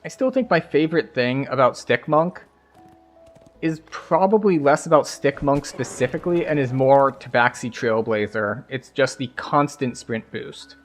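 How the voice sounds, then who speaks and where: A man casually commenting while playing a game, relaxed and chatty. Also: medium pitch, moderate pace, faint music behind. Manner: relaxed, chatty, explains as he plays. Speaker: streamer.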